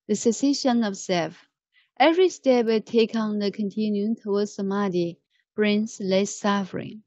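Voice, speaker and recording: A woman teaches a lesson, patiently correcting pronunciation before reading a passage aloud. Her manner is steady and encouraging. The recording is dry and sounds somewhat muffled. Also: mid-range voice, no room sound.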